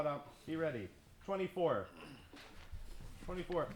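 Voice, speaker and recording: A man conducting a youth orchestra rehearsal, counting beats, singing parts and giving brisk, joking instructions. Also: a little high, lively intonation, a little hiss or hum. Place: concert stage with orchestra. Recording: roomy stage, orchestra nearby.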